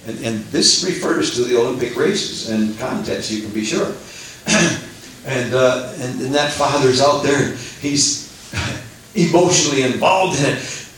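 A man preaching a sermon in a folksy, animated way, swelling into excited outbursts, heard from a distance in an echoey church. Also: mid-range voice, a little slow, slight background noise. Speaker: pastor. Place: church sanctuary.

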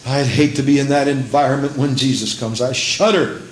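A man preaching a sermon from the pulpit, moving between low, measured passages and high, fervent stretches, and reading scripture in old-fashioned English. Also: steady tone, roomy sound, slight background noise. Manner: reads scripture in King James English. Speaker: pastor. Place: church sanctuary.

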